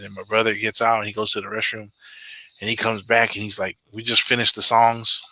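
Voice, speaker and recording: Bright-toned, dry-sounding man telling a story. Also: on the low side, level tone, a little fast, no room sound. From Samoan. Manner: earnest storytelling, frequent fillers and restarts. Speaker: channel member guest. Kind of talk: casual video call chat.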